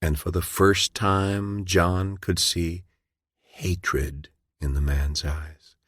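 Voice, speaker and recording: A man narrating an audiobook in a measured, even storytelling way. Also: deep voice, no room sound, studio quality. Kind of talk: scripted narration.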